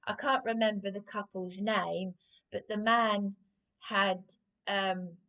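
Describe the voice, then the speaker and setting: Speaking slowly in a medium-pitched, steady voice that sounds pushed and bright, a woman rants angrily on her YouTube channel. She accuses people head-on, stumbling and repeating herself.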